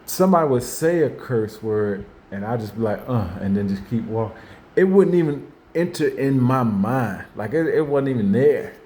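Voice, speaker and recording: This host has an animated, mellow, mid-range voice and keeps a moderate pace as he talks informally about faith and ordinary life. He rambles and circles back, restarts his thoughts, and acts out the things people say.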